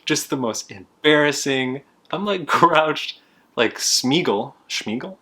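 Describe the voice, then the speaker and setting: A man's voice: fairly high pitch, lively intonation, takes it slowly, sharp tone. A young man hosting a board game channel, chatting casually and explaining a card game in a self-deprecating way. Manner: chatty, self-deprecating, laughs while telling.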